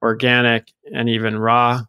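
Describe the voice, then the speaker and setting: A man, a guest on a podcast, explaining health topics in a measured way with small restarts. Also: medium pitch, monotone, bright, forceful tone, smooth, no room sound. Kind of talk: conversational podcast interview.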